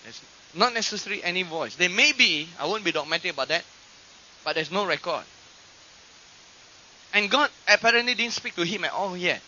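A man preaching a sermon to a congregation, swinging from loud, drawn-out lines to hushed ones, with fillers and restarts. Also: sits high, expressive, slight background noise. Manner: dramatic swings between loud and hushed delivery. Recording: dull lo-fi archive recording.

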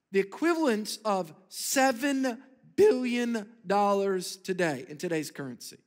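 A man's voice: sits high, fairly bright tone. A man preaching a sermon as pastor, emphatic and calling on the congregation to repeat words after him. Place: church sanctuary. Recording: long reverb of a large hall.

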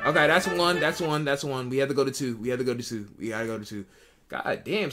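A man's voice: mid-range voice, quick pace, a bit bright. A young adult man streaming live, giving casual, profane commentary and repeating himself a lot as he talks to his chat.

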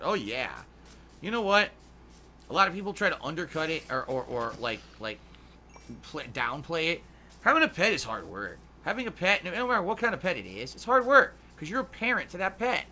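A man talking casually over a game stream, his voice higher than most men's and pushed hard with a tense, forceful edge. He swears freely and rants in emphatic bursts. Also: a little hiss or hum. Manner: profane, ranting; emphatic, heated. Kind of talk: casual gameplay chat.

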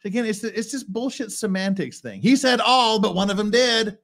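A man's voice: high voice, expressive, moderate pace, creaky, fairly bright tone. A man co-hosting a podcast, reading court filings aloud and riffing on them with wry sarcasm. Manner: wry, reads legal text aloud then riffs sarcastically. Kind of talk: casual legal commentary.

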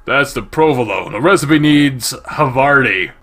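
A man's voice: medium pitch, lively intonation, a little slow, a bit bright. A man voicing a nerdy, fussy young male salamander in a game read-through.

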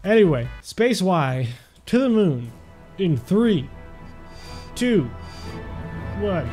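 A young man talks through his gameplay at a desk mic, his voice sitting a little high. He turns excitable and yelps when something goes wrong. Faint music plays underneath. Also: normal speed. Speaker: gaming YouTuber. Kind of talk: game commentary.

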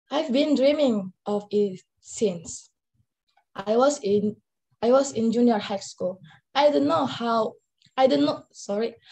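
A woman's voice: on the high side, a little mellow, poor audio. A woman learning English answers her teacher's question in a hesitant, polite way.

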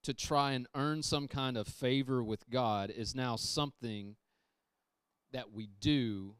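Emphatic preacher with a smooth voice. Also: male voice, mid-range voice, takes it slowly, no echo, studio quality. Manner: emphatic, repeats phrases, shifts from loud to hushed. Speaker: pastor. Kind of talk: sermon. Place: church sanctuary.

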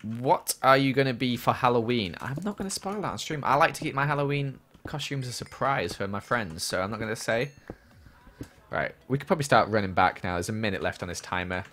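A man's voice: mid-range voice, lively intonation, fairly quick, a bit bright. A young man chatting casually on a gaming livestream and answering viewer questions as he plays.

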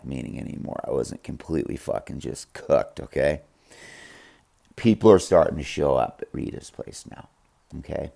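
Brief: gravelly low male storyteller, slow, swooping delivery, profane and rambling. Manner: profane, rambling, animated, acts out others' voices. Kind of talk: casual storytelling monologue.

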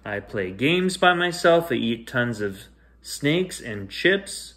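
Slow, gentle man reading a bedtime story. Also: medium pitch. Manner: gentle, expressive reading with sing-song rises and hushed drops. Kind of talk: bedtime story read-aloud.

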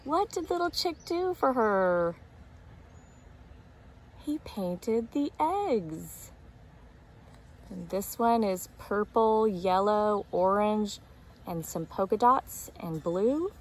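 Slow, breathy woman reading to little kids. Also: mid-range voice, sing-song. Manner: asks young listeners questions, explains gently. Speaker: teacher reading to preschoolers. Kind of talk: picture-book read-aloud.

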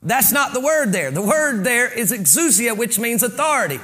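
A man preaching with a high, ringing voice and a sharp, forceful edge. He reads a verse, pauses to unpack it, then drives his point home until he is nearly shouting. Fervent pulpit delivery. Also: big pitch swings. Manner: reads scripture aloud and stops to explain it. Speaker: pastor. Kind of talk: sermon.

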